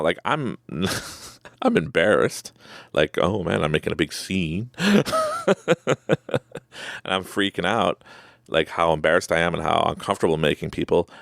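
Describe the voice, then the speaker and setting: A man's voice: low-pitched, creaky, no room sound, studio quality. A man hosting a podcast, telling a personal story casually and with animation, acting out his own reactions and laughing often. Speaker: podcast host.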